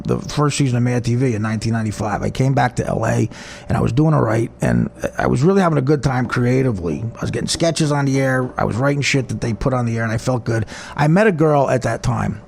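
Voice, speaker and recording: Gravelly New Jersey man telling stories. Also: mid-range voice, darkish tone, slight background noise. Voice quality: profane, rambling, self-mocking. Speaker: comedian. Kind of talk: personal storytelling.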